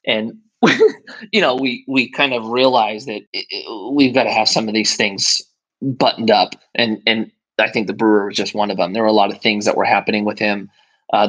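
A man, a brewery co-founder, telling stories in a relaxed interview and acting out the people he quotes. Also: on the low side, dull audio. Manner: animated, acts out quoted voices while telling stories. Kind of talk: conversational interview storytelling.

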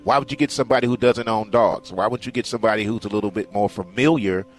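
A man hosting a morning radio talk show, playful and teasing, quick to jump in. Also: lowish voice.

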